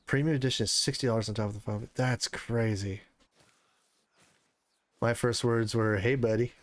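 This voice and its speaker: A man in his thirties livestreams a hunting game, talking casually with viewers and cursing when the game frustrates him. His voice is medium-pitched and steady, at a normal speed.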